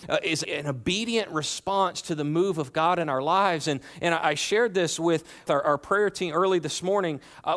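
A man in his thirties preaching a sermon in a church, talking in a relaxed, conversational way, with playful asides and frequent restarts. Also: high voice. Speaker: pastor.

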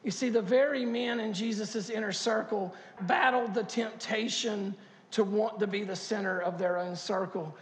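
High-voiced animated preacher man. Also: normal speed, a little hiss or hum. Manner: animated, joking, loud bursts. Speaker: pastor. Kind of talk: sermon. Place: large church hall. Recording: echoey church hall.

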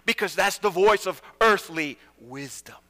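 Male pastor, sermon, high bright voice, unhurried, reverberant church hall. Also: lively intonation. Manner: dramatic, swings between loud and hushed.

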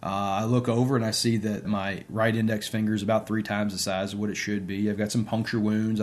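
A man's voice: lowish voice, level tone, a little fast, hardly any pauses. A man, an interview guest and sports coach, telling a personal story in a casual, conversational way with many fillers.

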